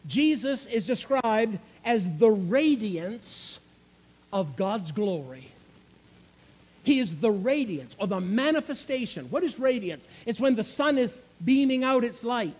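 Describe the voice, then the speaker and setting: A man's voice: very high voice, a little mellow, poor audio. A man preaching a sermon, emphatic, repeating key phrases and putting questions to his listeners.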